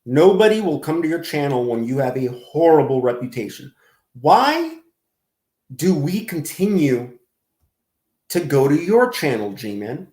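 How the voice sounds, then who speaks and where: A man mocking a clip in a sarcastic, crude reaction commentary with a drawn-out delivery. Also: on the high side, sing-song, mellow. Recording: roomy, echoey room.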